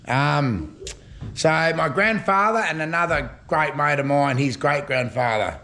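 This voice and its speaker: A man's voice: fairly high pitch, expressive, measured pace, vocal fry, pushed and bright, slight background noise. An older Australian man telling rambling, chuckling stories at home in casual slang. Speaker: storytelling vlogger. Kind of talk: casual yarn-spinning.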